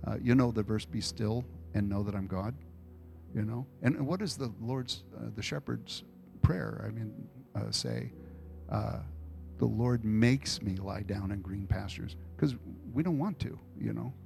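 A pastor preaches an informal sermon to his congregation, telling personal stories conversationally, animating his retellings, and taking questions. His lowish, gravelly voice moves unhurriedly over soft background music.

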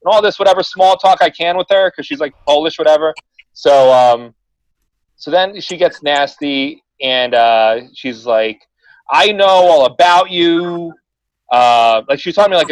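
A young man telling a story on a podcast, animated, swearing freely and mimicking the people in it. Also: medium pitch, moderate pace, no echo, rough recording. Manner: animated, swearing, mimics voices in his stories. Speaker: podcast co-host. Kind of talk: casual storytelling chat.

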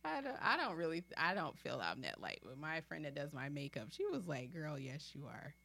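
A woman's voice: sits low, normal speed, gravelly. A young woman in casual podcast chat, telling family stories with frequent laughter. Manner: laughing, expressive, animated storyteller.

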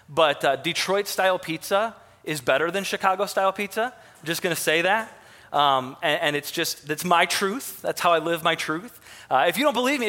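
A man's voice: high-pitched, sharp tone. A man in his thirties from Michigan, with a Michigan accent, preaching a sermon in a folksy, self-mocking way, full of fillers and restarts. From Michigan, USA. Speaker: pastor. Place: church sanctuary. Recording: long hall reverb.

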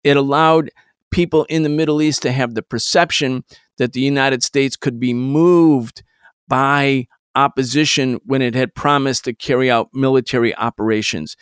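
A man's voice: mid-range voice, fairly even intonation, moderate pace, fairly bright tone, clean tone, no echo. A man hosting political commentary, talking in an indignant, emphatic way into a close studio mic. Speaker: host.

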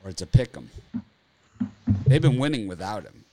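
A man with a very low voice hosts a casual sports betting chat, rambling and teasing his co-hosts. His pitch swings widely as he jokes. A faint hiss sits under the call. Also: big pitch swings, normal speed, warm tone. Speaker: sports betting show host. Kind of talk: casual banter podcast.

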